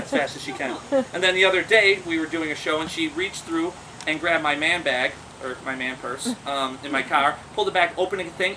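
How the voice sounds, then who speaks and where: A man who works with exotic animals tells casual, animated anecdotes, laughing as he goes and acting out the voices of the people in them. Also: high voice. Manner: animated, laughs while telling, acts out the quoted voices. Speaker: exotic animal handler and business owner. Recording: distant mic with air-conditioning hum.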